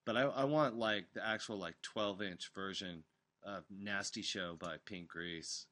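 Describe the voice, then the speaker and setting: Animated rambling man telling stories. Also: lowish voice, measured pace. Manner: rambling, animated storytelling with profanity. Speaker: host. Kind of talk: casual chat. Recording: recorded live on an online stream.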